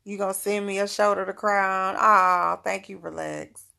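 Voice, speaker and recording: A woman's voice: mid-range voice, fairly even intonation, moderate pace, gravelly, sharp tone. A middle-aged woman giving frank, motherly spiritual advice in a casual livestream talk, laughing often.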